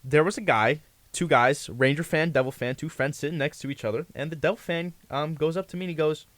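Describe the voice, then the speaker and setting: A man's voice: a little high, brisk, fairly bright tone, dry recording. A young man, a guest on a talk show, casually telling a long story, full of fillers, restarts and "you know".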